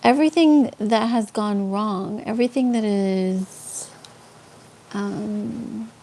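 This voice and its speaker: Her voice is medium-pitched, slow, and warm, with slight background noise in the recording. She's a Tex-Mex-accented woman from San Antonio, Texas, hosting a live stream where she chats with viewers, answers chat comments, and tells faith stories, full of ums and restarts.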